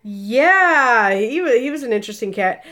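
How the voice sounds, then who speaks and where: Lively forties lady vlogging a story live, kinda high voice, laughs a lot. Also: normal speed. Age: 40s. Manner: animated, laughing storyteller with exclamations.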